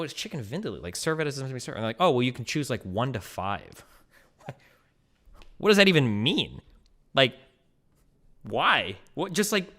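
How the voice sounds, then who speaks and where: A man streaming, ranting casually about food with profane, animated, opinionated talk full of "like" fillers. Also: medium pitch. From United States. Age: 30s.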